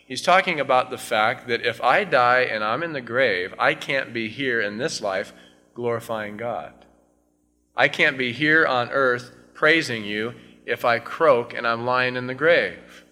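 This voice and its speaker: A man's voice: mid-range voice, a little slow, sharp tone, big-room sound. A man preaching an evening sermon as pastor, talking conversationally and swelling into fervent scripture reading.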